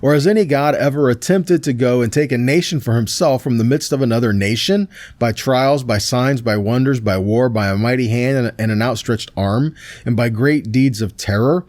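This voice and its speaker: In this Messianic Torah teaching, the pastor recites Bible passages and unpacks them casually, with restarts and fillers, repeatedly asking his listeners "right?" and "see that?". He has a middle-pitched male voice, captured dry and close with no echo.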